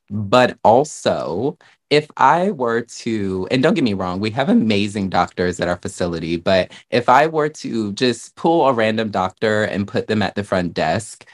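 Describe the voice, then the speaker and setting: Slow, very low-voiced sassy man. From Virginia. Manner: slow, sassy and campy, with drawn-out delivery. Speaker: podcast co-host. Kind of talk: casual chat.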